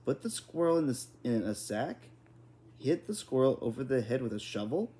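A man voicing a timid, befuddled father with a squeaky, despairing voice. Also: sing-song, moderate pace, mellow, natural voice.

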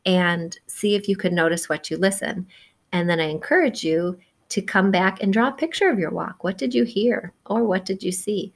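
A woman reading a picture book aloud to young children, gentle and encouraging, chatting about the pictures and imitating the story's sounds. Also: on the low side. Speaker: children's read-aloud presenter.

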